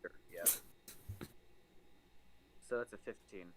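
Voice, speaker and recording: A man's voice: fairly low pitch, slow, slight background noise. A man playing a tabletop game over voice chat, joking and bantering with the dungeon master. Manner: joking, playful. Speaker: player. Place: home, voice chat.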